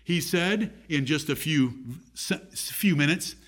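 A man's voice: a little high, expressive, slow, fairly bright tone. A man preaching a sermon, rising emphatically on key points.

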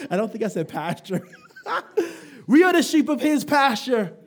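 High-voiced emphatic male preacher. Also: big pitch swings, moderate pace. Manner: emphatic, rising to shouts, joking with the congregation. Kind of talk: live sermon with call and response.

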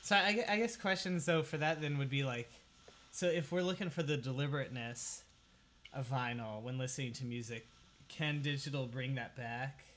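A man's voice: mid-range voice, normal speed, a bit bright, slight background noise. A young man hosting a casual chat, hesitant and full of fillers as he asks questions.

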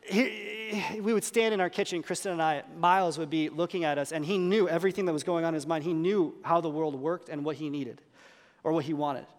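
A man's voice: on the high side, a little fast. A man in his thirties, a pastor preaching a sermon and telling self-deprecating stories about his young children. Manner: self-deprecating storytelling, lively voice changes. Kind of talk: sermon with humorous family stories. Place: church hall. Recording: long reverb of a large hall.

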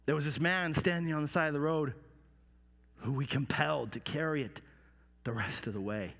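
A man's voice: fairly high pitch, gravelly, in a large hall. Brief: male performer as a remorseful soldier, first-person dramatic storytelling. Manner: storytelling with hushed dips and halting repeats. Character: remorseful Roman soldier telling his story.

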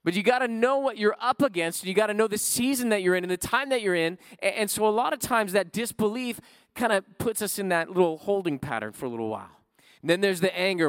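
Male pastor, sermon, conversational, fairly high voice, dry close sound. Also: fast, smooth, dry recording. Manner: conversational preaching with frequent "right?" asides.

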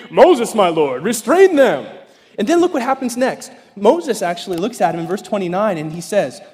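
A man preaching an evening sermon as pastor, telling a story animatedly and acting out voices, sometimes shouting with excitement. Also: high-pitched. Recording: long reverb in a large hall.

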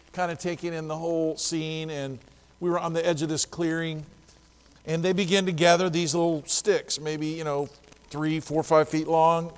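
Animated male preacher in a reverberant hall. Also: on the high side. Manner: animated storytelling, acting out dialogue. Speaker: pastor. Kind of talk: sermon.

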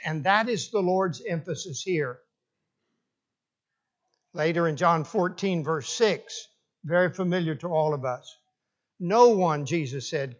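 Guy preaching a sermon real slow, leans on words, kinda muffled lo-fi sound. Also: high voice, a bit bright. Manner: slow, deliberate emphasis with repeated restarts.

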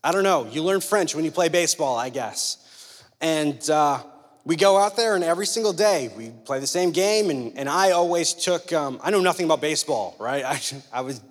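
This man preaches conversationally at a moderate pace, his fairly high voice animated as he asks rhetorical questions and tells humorous stories. A long hall reverb hangs over the recording.

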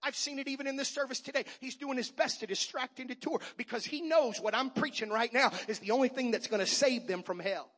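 A middle-aged man preaching a sermon as pastor, moving from quiet talk to shouted, fiery preaching. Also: very high voice, a little fast, hardly any pauses. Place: church sanctuary.

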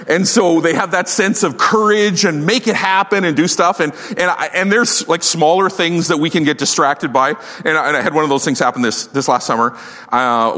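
A middle-aged man preaching a sermon in a lively, joking, conversational way. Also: fairly high pitch. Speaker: pastor. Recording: long hall reverb.

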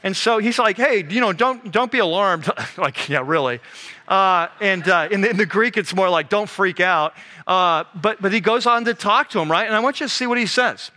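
Man, pastor, sermon, conversational storytelling, bright forceful tone, slightly high voice. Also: fairly quick. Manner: conversational, animated storytelling with sudden hushed drops.

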